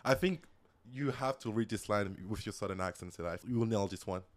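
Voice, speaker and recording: A man's voice: lowish voice, fairly quick. Enthusiastic man chatting on a podcast. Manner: eager, enthusiastic, laughs often. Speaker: podcast co-host. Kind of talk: casual chat.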